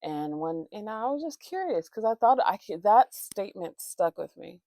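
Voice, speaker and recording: A woman's voice: mid-range voice, sing-song, normal speed, mellow, no echo. A woman vlogger chatting casually, telling a rambling, profane, candid story with many restarts.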